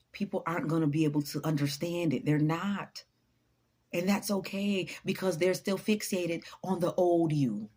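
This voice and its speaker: A woman's voice: sits low, dark tone. A woman giving an unscripted motivational talk to her followers, blunt, profane and preachy. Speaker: motivational vlogger.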